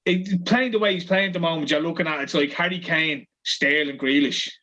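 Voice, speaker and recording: High-voiced Irish man chatting football. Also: fairly quick, poor audio. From Ireland. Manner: swears freely, animated. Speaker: co-host. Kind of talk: casual football chat.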